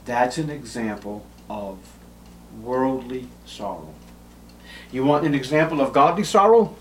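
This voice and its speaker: A man preaching a sermon, acting out Bible scenes with sudden jumps in pitch and volume. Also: lively intonation, unhurried, a little hiss or hum. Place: church.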